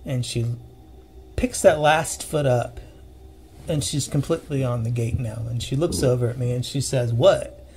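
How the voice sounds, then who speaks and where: A man telling a personal ghost story in a casual, earnest way, pausing and restarting as he recalls the details. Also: medium pitch, steady tone, darkish tone, a little hiss or hum. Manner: earnest, halting retelling with restarts and vivid detail.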